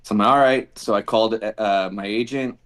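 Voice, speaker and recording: A man's voice: fairly low pitch, a little fast. A man, a guest on a podcast, telling casual stories and acting out the dialogue of the people in them. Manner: animated storyteller acting out quoted dialogue. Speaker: podcast guest, former football kicker. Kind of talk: casual storytelling interview.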